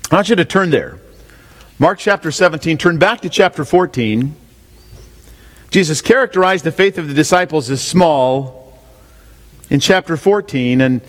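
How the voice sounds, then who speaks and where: A man preaching an expository sermon. He often asks his listeners questions and repeats his main points. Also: on the high side. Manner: asks the congregation questions, repeats key lines. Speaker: pastor. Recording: long hall reverb.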